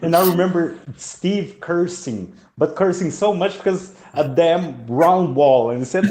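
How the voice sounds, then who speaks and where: A man's voice: on the high side, a little slow, few pauses, dark tone, echoey room. A man teaching English through conversation, often stammering and repeating his words. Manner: stammering repetitions. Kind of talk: conversation lesson.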